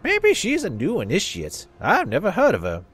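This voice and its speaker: A man's voice: high-pitched, wildly swooping pitch, moderate pace, fairly bright tone, slightly rough, voice pushed up, full character voice. A man putting on a drawling old Southern coot. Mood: gossipy. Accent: Southern US, put on. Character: crusty old male bar regular, gossipy, scornful.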